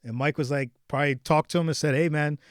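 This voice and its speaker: A man in his forties tells a personal story on a podcast, voice sitting a little high for a man. He restarts and repeats words as he goes, dropping to near-murmurs and then rising loud. The sound is dry and close, with no room around it. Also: quick pace, no room sound. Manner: animated, repeats and restarts words, swings between hushed and loud. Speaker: podcast host. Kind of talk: casual storytelling chat.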